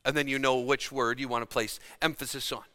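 Male preacher, bright forceful voice, dramatic dynamics, sermon in a church with a long hall echo. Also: mid-range voice, level tone, fairly quick, smooth. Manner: dramatic, shifts between loud emphasis and hushed delivery. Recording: long reverb of a large hall.

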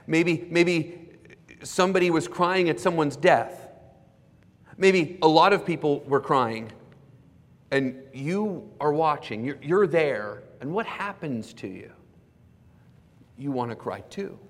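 A man preaching a sermon as pastor, earnestly explaining words and softly repeating key phrases for emphasis. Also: fairly high pitch, lively intonation, slow pace, pauses often. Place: church sanctuary. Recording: preached in a reverberant church hall.

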